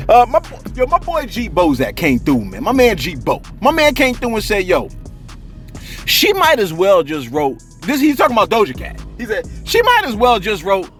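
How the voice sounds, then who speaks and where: A man's voice: high-pitched, wildly swooping pitch, moderate pace, fairly bright tone, faint music behind. A man hosting celebrity gossip commentary in a casual, joking way with slangy asides.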